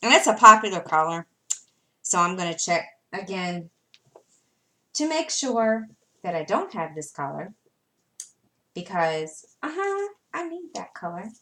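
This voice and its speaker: A middle-aged woman with a light Southern American accent talks on and on in a loose, rambling way, her sentences often trailing off into fillers. Her voice sits a little low for a woman. She sounds like a crafter chatting casually to her viewers. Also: lively intonation, a little slow, long pauses, sharp tone. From United States. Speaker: cross-stitch vlogger. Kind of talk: casual chat while sorting floss.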